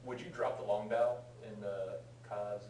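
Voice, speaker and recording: A woman's voice: rumbling low, fairly even intonation, normal speed, warm tone. A woman student in a casual language lesson, hesitantly trying out words and asking questions. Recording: roomy room from far off, faint hum.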